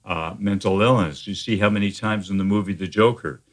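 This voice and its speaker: A man with a very low, deep voice talks as a therapist being interviewed. He explains things in a measured, steady way, often pausing on fillers and restarting phrases as he goes. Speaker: therapist guest. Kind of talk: conversational interview.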